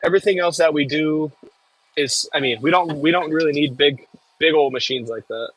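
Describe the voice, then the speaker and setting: The audio is poor but has no echo: a man with a Midwest US accent, his voice on the high side and fairly bright, talks at a moderate pace. He's a farm worker streaming live from an excavator, casually reading comments from viewers and joking around.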